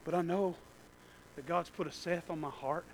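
A man, preaching a sermon in a church and telling a personal story that swings from hushed to shouting. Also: on the high side, fairly even intonation, normal speed, slight background noise, rough recording. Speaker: pastor.

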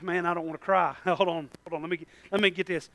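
A man preaching a sermon, emphatic and full of repeated phrases, moving from loud bursts to hushed asides. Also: high-pitched, fairly even intonation, fast, dry recording.

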